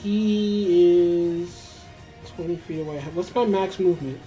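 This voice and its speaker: A man's voice: sits high, takes it slowly, warm tone, faint music behind. A man playing a tabletop role-playing game, talking casually and joking with the game master. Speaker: player.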